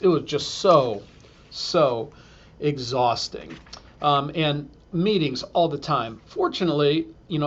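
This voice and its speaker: A man's voice: medium pitch, highs cut off. A man, a school superintendent, telling a humorous self-deprecating story to an audience and acting out the quotes.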